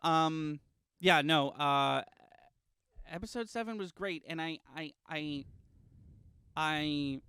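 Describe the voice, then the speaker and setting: Bright, smooth-voiced young man rambling. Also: a little high, slow pace, long pauses, dry recording. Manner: rambling, hesitant, frequent fillers and laughs. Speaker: podcast co-host. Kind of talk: casual chat.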